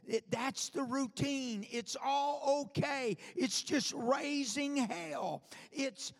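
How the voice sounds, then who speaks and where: A man with a high, gravelly voice preaches a fiery sermon, drawing out his words slowly. His repeated phrases build to shouts, and a long reverb fills the church around him. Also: animated. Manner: rhythmic, repetitive, builds to shouting. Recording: long reverb of a large hall.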